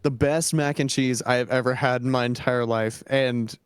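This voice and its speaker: A young man, a podcast co-host, telling a food story in relaxed, enthusiastic casual chat. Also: medium pitch, normal speed, clean tone, dry recording, studio quality. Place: small podcast studio.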